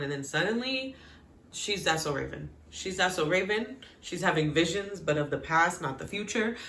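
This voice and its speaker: A woman giving a casual, gossipy recap of a TV episode. She talks in a chatty way with lots of "like" and quick laughs, and she acts out the characters' lines as she goes. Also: sits low, sharp tone, roomy sound, slight background noise. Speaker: TV recap vlogger.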